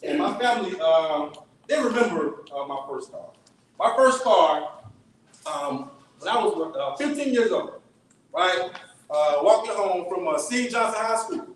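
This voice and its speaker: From the pulpit, a high-voiced man tells a story in a relaxed, chatty sermon style, very animated at a measured pace and often checking in with listeners by asking "right?" He's heard at a distance in a very echoey church sanctuary, with faint hiss underneath.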